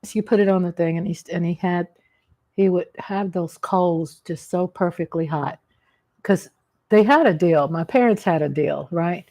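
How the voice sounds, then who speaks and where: A mellow, fairly low female voice with fairly even intonation and a moderate pace. She's a middle-aged food vlogger doing a casual mukbang chat at home, eating at a table while rambling homily about family cooking and often restarting her sentences.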